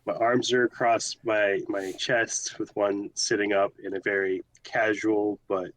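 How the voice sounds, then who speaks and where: A man's voice: fairly low pitch, level tone, measured pace, poor audio. A man playing a tabletop game, talking matter-of-factly. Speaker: player. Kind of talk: tabletop role-play chat.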